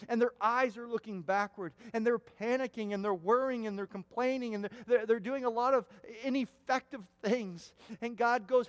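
A man's voice: very high voice, normal speed, few pauses. A man preaching a sermon as pastor, emphatic and repeating words for stress, with a long hall reverb.

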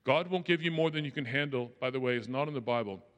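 A man giving a conversational talk on faith and mental health at a church, acting out quotes in a lively way. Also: medium pitch, fast talker. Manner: conversational, animated, acts out quotes. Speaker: speaker at a church. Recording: long reverb of a large hall.

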